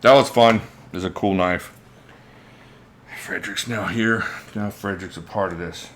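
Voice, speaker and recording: A man with a fairly low voice chats loosely through a livestream as its host. He rambles, thinks aloud and stops to greet viewers by name, with a faint room ambience behind him. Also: moderate pace, a little hiss or hum. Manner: reads out viewer names mid-talk. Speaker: knife channel host. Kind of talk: casual livestream chat.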